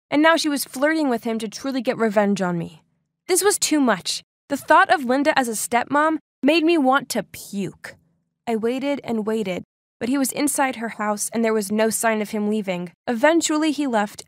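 Young female narrator, earnest and dramatic, high voice, dry close mic. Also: no room sound. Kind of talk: first-person animated story narration.

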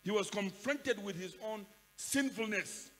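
Older nigerian pastor preaching, kinda high voice, repeats himself, loud then soft, big echoey hall. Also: male voice, measured pace. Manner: emphatic, repeats phrases, swings from loud to soft. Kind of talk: sermon. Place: large conference hall. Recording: long hall reverb.

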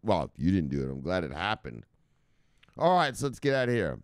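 A rambling, profane man hosts a crypto news livestream, chatting loosely and reading out viewer comments. His voice is clear and resonant, with a lively, wide-ranging pitch. The sound is dry and close. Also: brisk, no echo. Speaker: crypto news show host.

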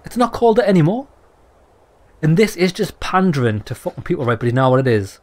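Young male gamer, rapid, blunt, sweary let's play commentary. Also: a little high, sing-song, darkish tone. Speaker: gaming YouTuber. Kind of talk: let's play commentary, reading game text aloud.

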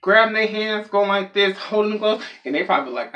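A man's voice: high voice, expressive, fairly quick, bright, forceful tone. A young man telling a rambling, self-mocking comedic story as a vlogger. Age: young adult.

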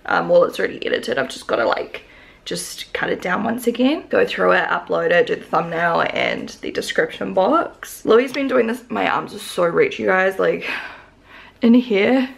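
A woman's voice: fairly low pitch, animated, normal speed, creaky, husky. A young woman from New Zealand with a New Zealand accent, chatting casually to camera in a rambling vlog full of "like". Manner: chatty, rambling, lots of "like" fillers. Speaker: vlogger.

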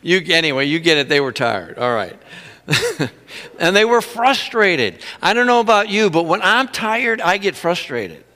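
Animated high-voiced preacher man in a hall. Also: measured pace. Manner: animated, laughing storyteller. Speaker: pastor. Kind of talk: sermon.

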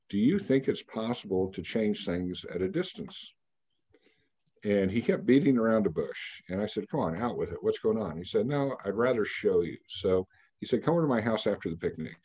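Man, 60s, from Kansas, interview guest: low warm voice, measured storyteller, muffled lo-fi sound. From Kansas, United States. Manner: measured, anecdotal storyteller who pauses on fillers.

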